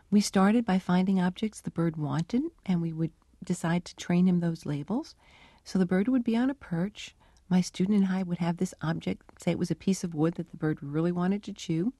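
A middle-aged woman researcher answering interview questions and telling her work stories with lively, acted-out dialogue. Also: on the low side, no room sound, clean studio sound. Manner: animated storytelling, acts out dialogue. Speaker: animal cognition researcher.

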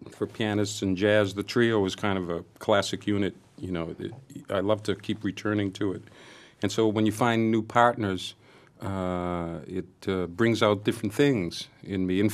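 An older man with a Boston accent, a jazz pianist talking casually in an interview, halting with many restarts. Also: on the low side. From Massachusetts, US. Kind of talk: casual conversation.

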